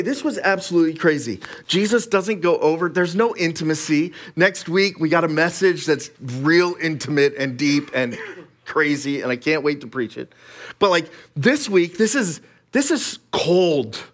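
A man preaching a sermon in an animated, conversational way, with casual asides. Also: fairly high pitch, moderate pace. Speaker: pastor.

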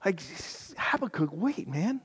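A man delivering a sermon with a slightly high voice, swinging between raised, pleading bursts and soft, hushed stretches. His voice carries a long reverb, as if he is in a large hall. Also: big pitch swings, unhurried, breathy edge. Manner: impassioned, builds to loud pleading then drops to near-whisper. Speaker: pastor.

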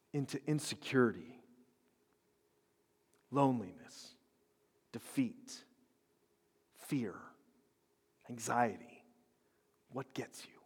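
Male preacher, high pitch, whisper-to-shout sermon dynamics, long church-hall reverb. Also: husky. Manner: swings from hushed whispers to loud shouted climaxes. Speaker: pastor.

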